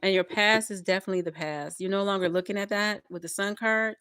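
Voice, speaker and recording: A woman's voice: mid-range voice, steady tone, quick pace, fairly bright tone, clean tone, no room sound. Encouraging woman tarot reader, dry close sound. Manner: repetitive, encouraging, addresses viewers as y'all. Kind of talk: collective tarot reading, spiritual pep talk.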